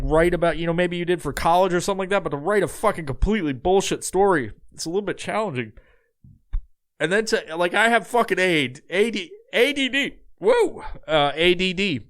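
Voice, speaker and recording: A man's voice: on the high side, a bit bright, dry recording. A man in his thirties hosting his own podcast, talking casually and rambling with lots of swearing and filler words. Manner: rambling, profane, heavy fillers. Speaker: podcast host. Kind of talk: casual solo podcast outro.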